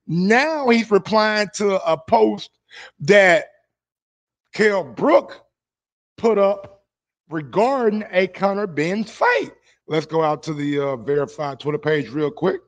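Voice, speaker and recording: A young man hosting a casual sports commentary, talking in a chatty, laid-back way and often repeating himself. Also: high voice.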